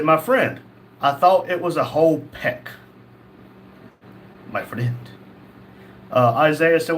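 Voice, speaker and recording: A man's voice: on the high side, a little hiss or hum. A man hosting a casual livestream, reading viewer messages aloud and joking back at them. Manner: jokey, laughs often, reads messages in a flat quoting tone. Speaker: livestream host.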